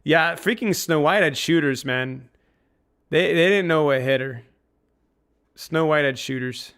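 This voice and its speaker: A man's voice: fairly high pitch, unhurried, a bit bright, clear, resonant tone. A man streaming live, chatting casually with his viewers in a joking, rambling way and laughing at his own lines.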